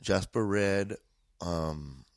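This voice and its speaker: A man's voice: low voice, very slow, no echo. A man from East Los Angeles, a comedian guest, telling stories in a loose, profane, laughing way in a casual chat. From East Los Angeles, USA. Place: indoors, podcast studio.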